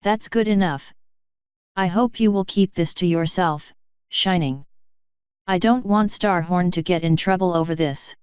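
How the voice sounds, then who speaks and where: A woman's voice: on the low side, measured pace, darkish tone, clean tone, dry recording, muffled recording, close to an everyday voice. A woman voicing a wry, sarcastic male hero in a fan fiction audiobook. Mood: resigned. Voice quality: sarcastic, exasperated.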